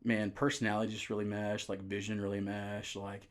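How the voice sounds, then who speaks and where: A young adult man, a youth pastor telling his story in a relaxed, casual way with many fillers. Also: on the low side, fairly quick. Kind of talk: casual podcast conversation.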